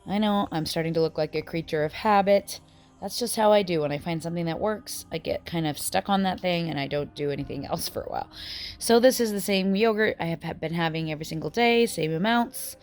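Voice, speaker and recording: A woman's voice: on the low side, fairly quick. Chatty, breathless woman in her forties. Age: 40s. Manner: chatty, often a bit breathless. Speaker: vlogger. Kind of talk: casual food diary vlog. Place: various rooms and a dance studio.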